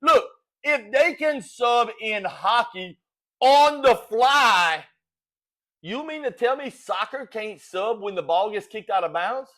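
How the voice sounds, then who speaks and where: Cajun sports talk host, high-pitched man, folksy animated rant with rhetorical questions. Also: slow pace. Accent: Cajun Louisiana. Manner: folksy, animated, rhetorical, says "all right?" often.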